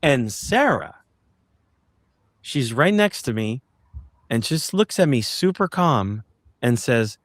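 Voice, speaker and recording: A man recounting an experience as an interview guest, halting and searching for words with many restarts. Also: medium pitch, big pitch swings, no echo. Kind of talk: casual storytelling in an interview.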